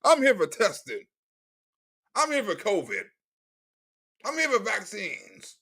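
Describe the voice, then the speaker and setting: A man's voice: high voice, huge pitch swings, slow pace, bright, forceful tone, slightly rough, exaggerated voice. A man putting on a cranky old male president who rambles, curses and stammers through restarts. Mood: irritable.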